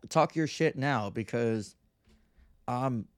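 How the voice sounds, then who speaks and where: A man's voice: mid-range voice, slow pace, clear, resonant tone, dry recording, clean studio sound. Brash, foul-mouthed male podcast host. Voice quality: profane, brash and mocking. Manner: mimics others in whiny voices. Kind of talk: casual monologue.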